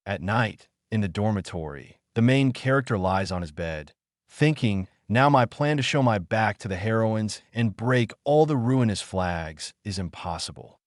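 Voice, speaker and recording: A man's voice: on the low side, expressive, normal speed, no room sound, studio quality. A man narrating a manga story recap in a casual storytelling manner.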